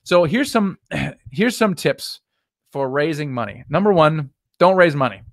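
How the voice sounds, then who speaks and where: A man teaching real estate investing on a live stream, coaching in an energetic, direct way and acting out sample conversations. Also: on the high side, a little slow, no echo, clean studio sound. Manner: acts out sample conversations in shifted voices.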